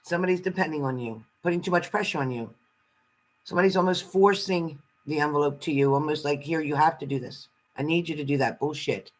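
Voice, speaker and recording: A woman's voice: deep voice, quick pace, poor audio. A woman giving a casual live-stream tarot card reading, chatty and salty, greeting viewers fondly and swearing freely.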